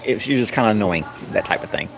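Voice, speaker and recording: A middle-aged man casually telling a rambling story, often chuckling and mimicking others in a high voice. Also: expressive, rapid-fire, vocal fry. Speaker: streamer. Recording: noisy background.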